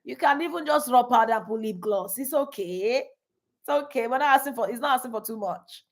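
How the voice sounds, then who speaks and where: A middle-aged woman coaching couples on a live stream, her voice sitting a little high. She talks in an animated, chatty way, laughing often and reading viewer comments aloud. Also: fast. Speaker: marriage coach.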